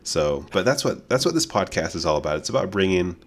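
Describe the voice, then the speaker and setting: Deep-voiced, chatty laughing man. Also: big pitch swings, quick pace. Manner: chatty, laughs often, rambling with fillers. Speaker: podcast co-host. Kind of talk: casual podcast chat.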